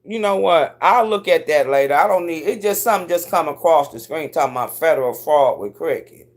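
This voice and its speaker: A middle-aged woman telling stories on a casual livestream, cursing freely and leaping up in pitch when she acts out what people said. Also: fairly quick. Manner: profane, animated storyteller who swoops up high for quoted voices. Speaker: live streamer.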